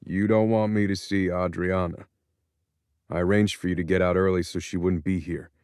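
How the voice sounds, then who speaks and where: A man's voice: deep voice, little pitch movement, moderate pace, darkish tone, clean tone, dry recording, studio quality, lightly acted. A man voicing an angry young adult son, clipped and confrontational in an audiobook. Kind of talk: audiobook character voice.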